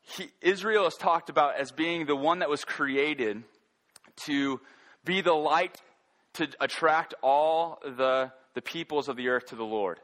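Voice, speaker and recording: A man delivers a sermon in an earnest, halting way, often circling back to restart a thought. His voice sits a little high and sounds bright and forward. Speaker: pastor.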